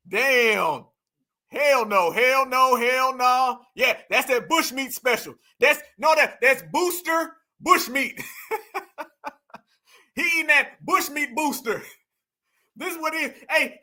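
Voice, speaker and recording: A man with a very high, sharp voice gives mocking commentary. He laughs often and hammers the same phrases over and over.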